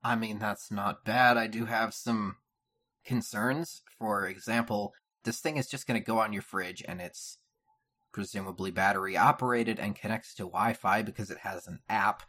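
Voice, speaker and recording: A man's voice: fairly low pitch, steady tone, moderate pace, sharp tone. A man co-hosting a casual podcast, making dry, skeptical comments about the product. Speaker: podcast co-host.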